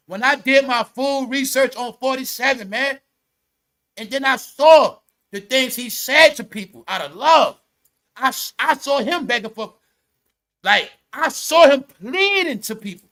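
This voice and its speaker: A man's voice: high voice, bright, forceful tone. A man giving casual, profane vlog commentary and breaking into laughter often. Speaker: online commentator.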